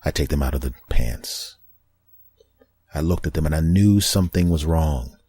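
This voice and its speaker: A man's voice: very deep voice, normal speed, mellow, husky, no room sound. A man hosting a comedy podcast, telling a self-mocking story animatedly with scat sound effects. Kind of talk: comic storytelling monologue.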